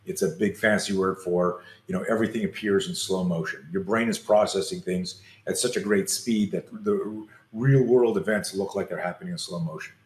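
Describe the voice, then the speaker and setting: This self-defense coach, a man, sits low in pitch as he animatedly recounts a story during an interview, performing the scenes as he narrates. He speaks at a moderate pace, and the sound is roomy.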